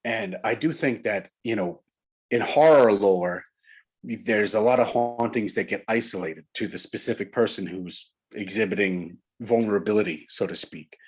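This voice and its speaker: A man's voice: lowish voice, normal speed, breathy edge. A man from Long Island, an author and guest, telling a ghost story in casual chat, building suspense through repetition. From Long Island, New York.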